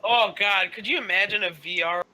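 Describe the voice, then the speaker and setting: A man co-hosting a casual podcast chat, excitable and quick to blurt out his thoughts. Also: high-pitched, a crowd in the background, low-quality recording. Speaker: podcast co-host.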